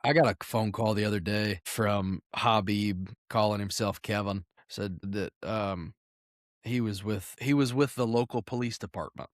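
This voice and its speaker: A man's voice: fairly low pitch, fairly even intonation, a little slow, no room sound, clean studio sound. A man co-hosting a podcast, telling stories with crude jokes. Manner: crude, joking banter. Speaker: podcast co-host. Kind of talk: casual chat.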